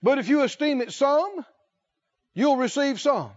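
A male preacher with a very high, lively voice delivers a sermon at a slow, deliberate pace. He leans on key words and asks his listeners questions. The recording sounds dull and lo-fi.

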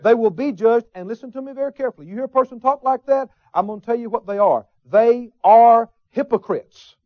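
A man's voice: extremely high pitch, brisk, no echo. A man preaching a sermon, folksy asides and call-and-response with the congregation. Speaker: pastor. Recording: dull, slightly lo-fi sermon recording.

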